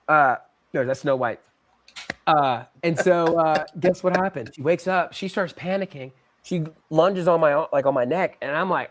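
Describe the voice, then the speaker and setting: A man tells a story as a podcast guest, his voice sitting a touch high. He talks in casual slang and jumps into the voices of the people in the story. The delivery is loose and lively. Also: moderate pace. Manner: animated, slangy storyteller who acts out quotes.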